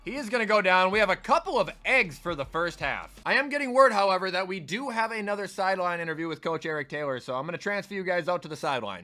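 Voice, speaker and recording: An excitable man calling a football video game like a sportscaster, his high, bright voice leaping around in pitch. He bursts into shouts on the big plays, with faint music underneath. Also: brisk, few pauses. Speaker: gaming content creator. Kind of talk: mock play-by-play commentary over a video game.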